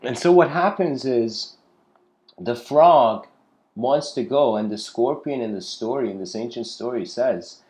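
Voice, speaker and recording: A man giving a casual lecture in a rambling, relaxed way, often laughing and saying "you know". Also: mid-range voice, measured pace.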